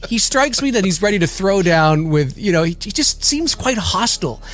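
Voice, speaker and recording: Lively, excitable man chatting films. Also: high voice, normal speed. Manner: excitable, repeats words, laughs often. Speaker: guest co-host. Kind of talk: casual film podcast chat.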